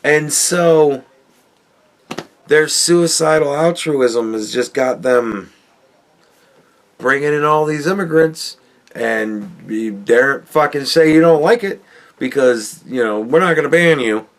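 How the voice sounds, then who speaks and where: Slow-talking man ranting on a podcast. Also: a little high. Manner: rambling, swearing, chuckling often. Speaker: podcast host. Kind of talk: casual profane rant.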